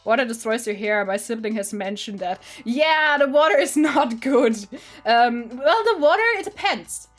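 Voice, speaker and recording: Chatty high-voiced woman unboxing a haul. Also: animated, normal speed, faint music behind. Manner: chatty and rambling, with restarts and frequent laughs. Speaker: streamer and vlogger. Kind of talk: casual unboxing haul chat. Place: home room.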